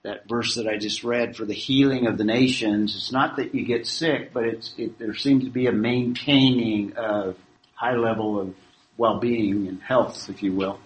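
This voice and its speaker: A man teaching a Bible class in a measured, explanatory way, reading scripture aloud and taking questions. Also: on the low side, steady tone, low-quality recording. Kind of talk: classroom lecture.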